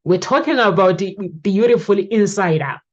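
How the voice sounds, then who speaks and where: A woman's voice: medium pitch, expressive, moderate pace, highs cut off. A woman hosting a talk show, chatting casually, telling stories and putting questions to her guest. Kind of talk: casual advice chat.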